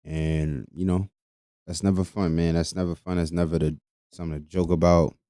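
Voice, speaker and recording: Deep-voiced man hosting a casual podcast. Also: little pitch movement, normal speed, dark tone, no echo, studio quality. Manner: loose and profane, laughs often between lines. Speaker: podcast host. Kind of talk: casual solo podcast commentary.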